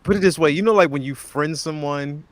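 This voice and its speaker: A man's voice: a little high, a little fast, no room sound. A man co-hosting a podcast, agreeable, answering with lots of short affirmations. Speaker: podcast co-host. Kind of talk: casual chat.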